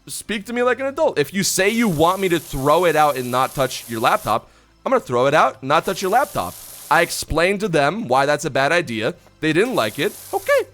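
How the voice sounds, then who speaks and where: Animated, profane young male streamer. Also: a little high, normal speed, faint music behind. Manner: profane, ranting, animated storytelling. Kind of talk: casual live-stream chat.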